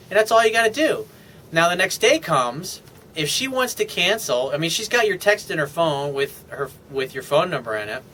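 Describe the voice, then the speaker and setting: A man with a bright, forceful and fairly high voice, coaching viewers in a video newsletter. He talks with confident emphasis and slips into acted-out lines of dialogue. A faint hum of noise sits under the recording. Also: big pitch swings, brisk. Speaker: dating coach.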